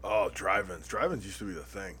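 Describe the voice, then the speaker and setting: A man's voice: fairly low pitch, a little fast, sharp tone, a little hiss or hum. A man chiming in during a casual chat with crude, offhand remarks.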